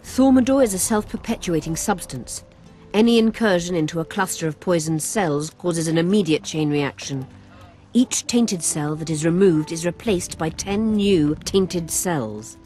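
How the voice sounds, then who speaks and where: An actor playing a learned male healer mage who talks in a formal, measured, explanatory way in a fantasy video game. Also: a little high, mellow, soft background music, close to an everyday voice.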